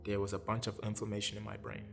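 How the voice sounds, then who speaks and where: A man's voice: lowish voice, completely flat delivery, fast talker, fairly bright tone, soft background music. Man in his thirties telling his story. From Brooklyn, New York. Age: 30s. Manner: earnest, recounts events step by step, often acts out other people's words. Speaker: interview guest. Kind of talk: personal storytelling.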